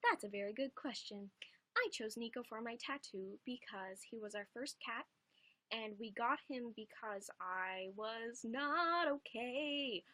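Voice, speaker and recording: A woman's voice: on the high side, animated, a little slow, pushed and bright, dry recording. A young adult woman chatting casually on a home livestream, rambling and swearing casually.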